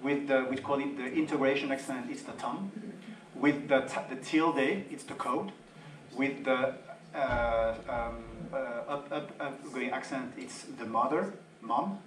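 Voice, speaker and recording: A man's voice: mid-range voice, measured pace, background noise. A man from France giving an informal public talk to an audience in a church fellowship hall, with joking asides. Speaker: guest speaker. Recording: roomy hall sound from a distant mic.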